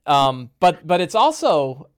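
A man's voice: a little high, sing-song, takes it slowly, clean tone. A man hosting a casual podcast conversation, telling game stories animatedly with many restarts. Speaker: podcast host and game master.

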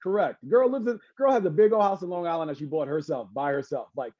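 A man from Brooklyn, a guest entertainer chatting on a podcast, telling animated stories with jokes and laughs. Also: fairly high pitch, fast talker, dry recording. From Brooklyn, New York. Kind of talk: casual podcast chat. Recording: dry, slightly dull lo-fi sound.

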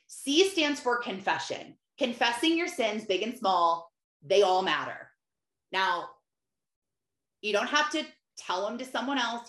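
A woman's voice: mid-range voice, a bit bright, roomy sound. A woman speaking in an earnest, conversational way, teaching about prayer and acting out her own prayers as she goes. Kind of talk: faith-based teaching talk.

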